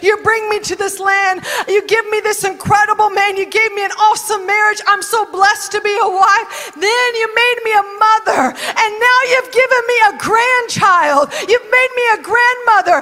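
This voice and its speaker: A woman's voice: very high voice, pushed and bright, voice pushed up, full character voice. A woman preacher voicing a grateful young foreign widow who pours out an emotional, exclaiming prayer to God. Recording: long reverb in a large hall.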